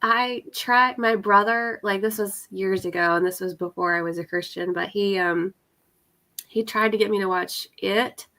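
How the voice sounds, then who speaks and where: Young woman chatting on a call, bright voice, bit of vocal fry, lots of "like" and laughs. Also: mid-range voice, fairly even intonation, normal speed. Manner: chatty, many fillers and laughs. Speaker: readathon participant. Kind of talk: casual video-call chat.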